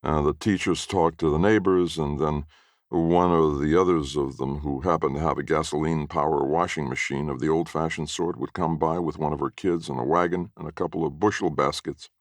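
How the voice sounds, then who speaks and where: A man narrates a short story in a wry, folksy manner. His voice sits extremely low. The recording is dry and close. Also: steady tone, moderate pace, dry recording. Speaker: story reader.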